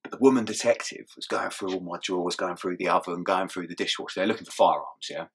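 A man's voice: low-pitched, fast, fairly bright tone, breathy edge. A young man telling his story in a casual interview, swearing and laughing as he goes. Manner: swears often and laughs through his story, mumbling asides. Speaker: interview guest.

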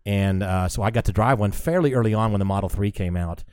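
A man co-hosting a podcast, telling an excitable, animated story in casual chat on a close mic. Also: on the low side, fast talker, no echo. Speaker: podcast co-host.

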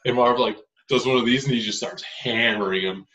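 A young man telling stories as a guest in a casual chat, in a relaxed way, saying "like" a lot. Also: mid-range voice, brisk. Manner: relaxed, lots of "like". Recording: echoey room, dull lo-fi sound.

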